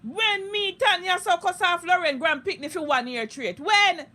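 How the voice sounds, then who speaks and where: A woman's voice: very high-pitched, moderate pace, sharp tone. A Jamaican woman streaming live on social media, delivering a heated, profane, repetitive rant in thick Patois.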